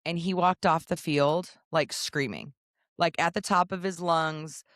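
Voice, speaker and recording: Animated woman podcast host telling a story. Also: low-pitched, unhurried, dry recording, clean studio sound. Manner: animated storyteller, acts out voices. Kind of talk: casual chat.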